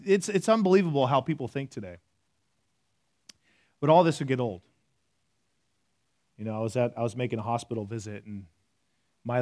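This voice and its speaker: A man preaching a conversational sermon, reading scripture aloud between loose, filler-heavy asides. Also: medium pitch. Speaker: pastor.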